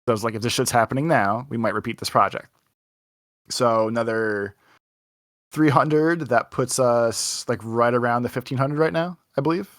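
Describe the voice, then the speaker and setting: A man's voice: mid-range voice, normal speed, a bit bright, no echo, studio quality. A young man co-hosting a podcast, telling a rambling anecdote full of "like" and acted-out quotes in a casual chat. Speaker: podcast co-host.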